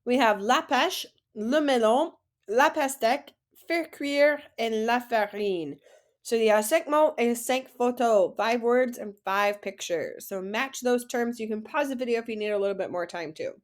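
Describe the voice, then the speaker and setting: A woman French teacher leading a classroom-style lesson, saying words slowly for students to repeat and praising their answers. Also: on the high side. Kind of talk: classroom lesson, slow model pronunciation.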